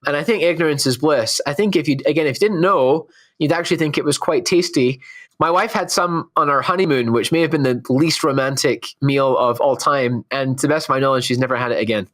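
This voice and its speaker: A man's voice: on the high side, brisk, a bit bright. A man in his thirties, raised in Scotland but speaking with an American accent, talking in an earnest, reflective interview way and laughing easily. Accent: American, Texan-leaning with faint Scottish traces. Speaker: oncologist guest. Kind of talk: conversational interview.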